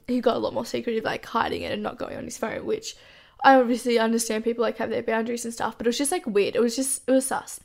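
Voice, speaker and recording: A young woman casually telling a personal story, chatty, swearing freely and saying "like" often. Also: a little high.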